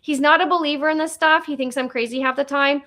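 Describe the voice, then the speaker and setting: A woman's voice: sits high, steady tone, fast talker, sharp tone. A woman from Nova Scotia with a Canadian accent, chatting casually as a guest on a paranormal livestream, rambling with lots of fillers.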